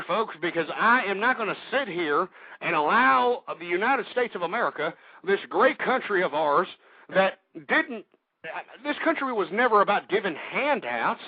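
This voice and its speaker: High-voiced man ranting on talk radio. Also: dry recording. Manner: hostile, ranting, swears often. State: out of breath. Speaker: radio talk show host. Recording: dull lo-fi radio broadcast.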